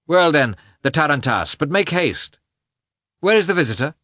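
A man's voice: fairly high pitch, sing-song, normal speed, bright, forceful tone, dry recording, studio quality, pitched above the performer's own voice. A man voicing an earnest, gloomy young landowner in a storybook reading. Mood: resolute.

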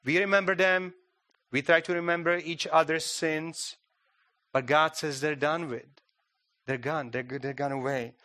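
A male preacher gives a sermon in a church with a bright, slightly high voice. He talks in a loose, conversational way, full of fillers and self-corrections. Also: fairly even intonation, measured pace. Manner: conversational, frequent "you know" fillers and restarts. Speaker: guest preacher.

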